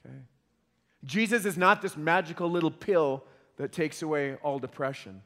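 A man's voice: fairly high pitch, normal speed, fairly bright tone. Earnest man preaching in a reverberant hall. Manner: earnest, repeats words when starting phrases. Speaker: pastor. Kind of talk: sermon.

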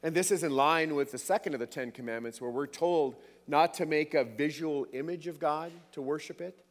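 A man's voice: fairly high pitch, fairly quick, in a large hall. A man preaching a sermon, emphatic, repeating words for stress.

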